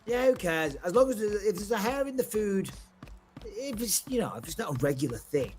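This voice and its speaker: A man's voice: high voice, very animated, a little fast, a little mellow. Swearing man, light voice. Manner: swearing, joking banter. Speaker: podcast host. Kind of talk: casual chat. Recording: noisy background.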